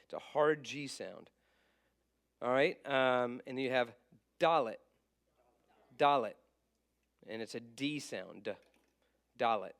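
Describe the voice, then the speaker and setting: A man teaching a church class in a loose, casual way, thinking aloud with many fillers and self-corrections, and sounding out letters slowly and repeating them. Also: medium pitch, vocal fry.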